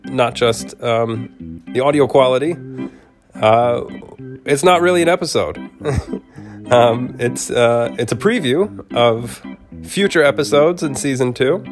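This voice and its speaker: Podcast host with a cold, slow and relaxed, home studio, faint music behind. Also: male voice, medium pitch. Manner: relaxed, with fillers and soft laughs. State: has a cold. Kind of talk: casual appeal and storybook narration.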